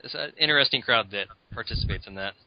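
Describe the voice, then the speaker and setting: Deadpan man, quick lively lo-fi voice. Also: mid-range voice, no room sound. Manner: dry, deadpan replies. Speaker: guest host. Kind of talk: casual chat.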